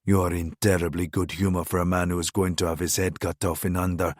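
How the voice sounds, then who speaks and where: A man voicing a menacing, mocking crown prince in an audiobook thriller, speaking in a low, scornful, taunting tone. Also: flat delivery, fast talker, dry recording, clean studio sound.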